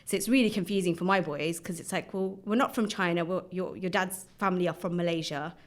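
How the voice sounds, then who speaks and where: Podcast guest: chatty woman, 30s, lowish voice, laughs a lot. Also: fairly quick. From Birmingham, England. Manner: laughs often, chatty anecdotes. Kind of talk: casual chat.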